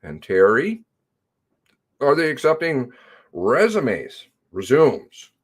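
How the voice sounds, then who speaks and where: A man's voice: on the low side, sing-song, slow pace. A man hosting a casual livestream, greeting viewers by name and reading chat with a sardonic drawl.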